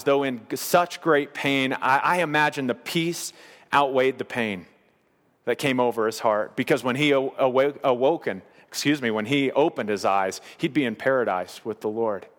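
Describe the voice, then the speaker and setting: A man preaching a sermon as pastor, earnest, slowing down on the key phrases. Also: medium pitch, fairly bright tone, in a large hall.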